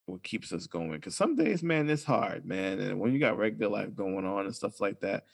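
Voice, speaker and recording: A man's voice: lowish voice, expressive, normal speed, gravelly. A young man co-hosting a casual podcast, talking in a loose, profane way and laughing through his stories. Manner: laid-back, profane, laughs while telling stories. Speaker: podcast co-host. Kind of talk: casual chat.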